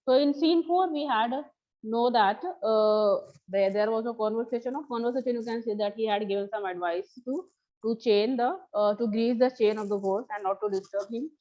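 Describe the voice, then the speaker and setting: A woman's voice: on the high side, moderate pace, mellow. A woman teacher, explaining a story to a class and repeating each line in her own words. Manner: explanatory, repeats and paraphrases lines. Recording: slightly dull lo-fi recording.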